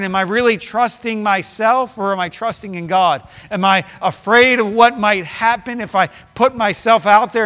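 Male pastor, high voice, earnest sermon delivery with scripture quotes and restarts; church hall reverb. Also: bright, forceful tone. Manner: earnest preaching, quoting scripture in old wording, with repeated words and restarts.

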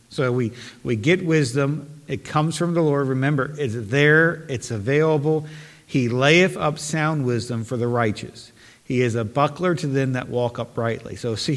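Man, pastor, earnest conversational sermon, scripture read aloud, mid-range voice, long church-hall reverb. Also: mid-range voice.

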